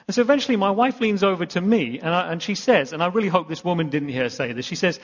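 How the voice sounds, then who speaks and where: A man's voice: high voice, quick pace, hardly any pauses. A man giving a sermon as a pastor, telling a rambling, self-deprecating story full of restarts. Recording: long reverb, muffled hall sound.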